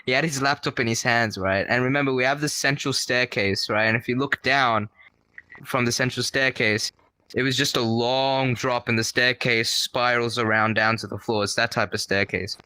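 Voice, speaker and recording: A man's voice: medium pitch, fairly even intonation, moderate pace, bright, forceful tone, smooth, no echo, rough recording. A young man from Australia telling rambling, profane stories on a casual podcast, tagging his sentences with "right?". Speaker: podcast co-host.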